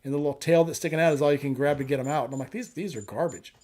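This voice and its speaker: A man's voice: a little high, fairly even intonation, rapid-fire, darkish tone, slight background noise. A man on a live chat show, talking casually and bluntly, with firm opinions and a habit of telling jokes.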